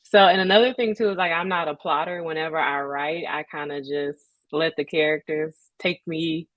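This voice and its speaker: A woman author talking about her writing in a relaxed, easygoing manner as a guest. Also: deep voice, moderate pace, dry recording, dull audio. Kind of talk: casual interview.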